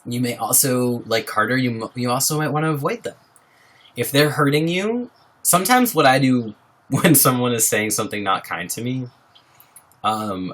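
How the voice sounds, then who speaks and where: A man's voice: medium pitch, normal speed, fairly bright tone. A young man hosting a casual livestream, talking earnestly and supportively to his viewers and reading out their names. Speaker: livestream host. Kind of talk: casual live-stream chat with viewers.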